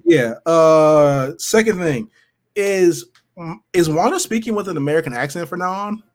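Animated higher-voiced man joking around. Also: moderate pace. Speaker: podcast co-host. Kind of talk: casual chat.

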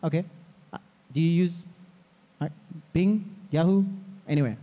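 High-voiced man preaching in a hall. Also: measured pace. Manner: lively, asks the crowd to repeat words. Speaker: pastor. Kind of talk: sermon. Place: church hall. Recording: long hall reverb.

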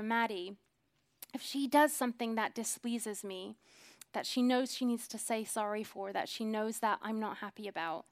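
A woman in her thirties delivers an earnest sermon, sinking into hushed whispers before building to emphatic swells. Her pitch sits fairly high.

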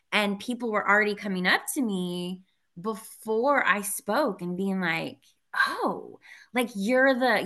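Woman educator, bright, easygoing storyteller; interview guest. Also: medium pitch. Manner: chatty storyteller, lots of fillers and laughs. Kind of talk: casual interview conversation.

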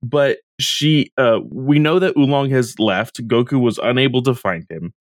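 A man's voice: medium pitch, a little slow, no echo. A man chats easily on a casual podcast, laughing lightly as he retells events. His mid-range voice sounds dry and close to the mic. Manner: relaxed, laughs between phrases. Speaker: podcast co-host.

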